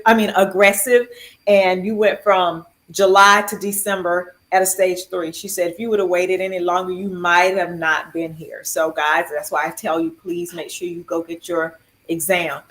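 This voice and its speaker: A woman telling her health story in casual chat, animated and laughing, acting out quoted dialogue. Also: on the low side. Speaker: cancer survivor sharing her story.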